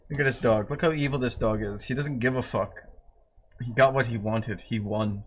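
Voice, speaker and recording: A man's voice: mid-range voice, moderate pace, slight background noise. Man casually chatting on stream. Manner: teasing his dog, then griping about tedious work, swearing casually. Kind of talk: casual live-stream chat.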